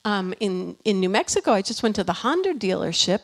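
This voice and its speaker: A middle-aged woman minister telling a personal story in a sermon, animated and chatty, with many fillers and restarts. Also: mid-range voice, fairly quick, hardly any pauses.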